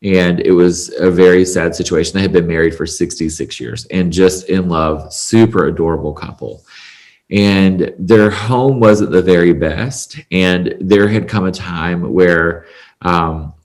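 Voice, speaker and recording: A man with a very deep voice tells a long personal story as a podcast guest. He speaks earnestly and emotionally, with plenty of ums and likes. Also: measured pace, a little mellow. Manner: earnest, emotional, chatty with fillers. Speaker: podcast guest, salon owner. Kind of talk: conversational storytelling.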